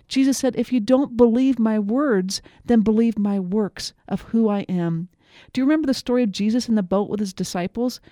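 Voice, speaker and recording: A woman preaching a devotional sermon, earnest and emphatic, slowing down on key phrases. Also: a little high, mellow, no room sound, studio quality.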